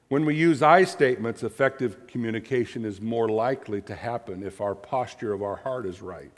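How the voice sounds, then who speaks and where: A middle-aged man preaching a sermon as pastor, animated and repeating words for emphasis. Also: lowish voice. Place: church sanctuary. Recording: long church reverb.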